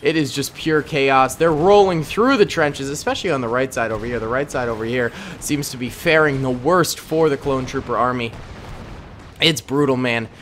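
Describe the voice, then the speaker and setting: A man's voice: medium pitch, moderate pace, fairly bright tone, slight background noise. A young man hosting a gaming channel, giving upbeat, chatty gameplay commentary and chuckling often.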